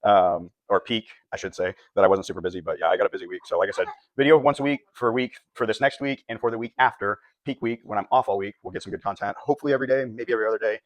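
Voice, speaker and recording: Young man, bodybuilder vlog, rapid talk, lowish voice, earnest, self-correcting, dry close sound. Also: fairly even intonation, dry recording. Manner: earnest, often correcting himself mid-sentence. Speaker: competitive bodybuilder and vlogger. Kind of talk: reflective vlog talk to camera.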